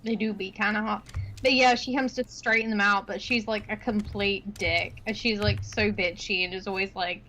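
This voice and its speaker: A woman's voice: mid-range voice, steady tone, normal speed, pushed and bright, a little hiss or hum, rough recording. A woman casually chatting and recapping a movie with a friend, laughing often and using slangy, blunt words. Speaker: stream host.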